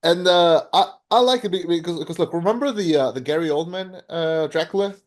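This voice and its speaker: A man co-hosting a podcast, chatting casually about a film, animated and rambling with lots of restarts and fillers. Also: fairly high pitch, brisk. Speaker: podcast co-host. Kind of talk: casual film review chat.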